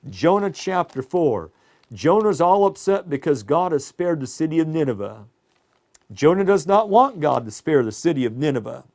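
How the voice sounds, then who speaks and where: A man's voice: a little high, a little mellow. A man preaching a sermon in a conversational way, asking his listeners direct questions.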